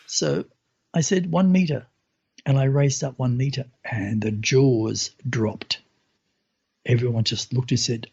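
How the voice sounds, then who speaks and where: A man tells his story in a relaxed, meandering way, pausing on fillers and acting out what others said. His voice is husky, and the recording sounds muffled and lo-fi. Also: mid-range voice. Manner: animated retelling, hesitant with fillers, voices others in quotes. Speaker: guest sharing spiritual experiences. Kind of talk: casual storytelling.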